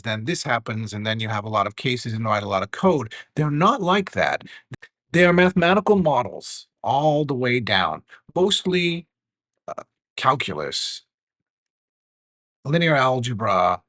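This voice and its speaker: A man teaching a lesson about AI tools with a live demo, measured and earnest. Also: mid-range voice, fairly bright tone, dry recording. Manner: measured, earnest, some fillers.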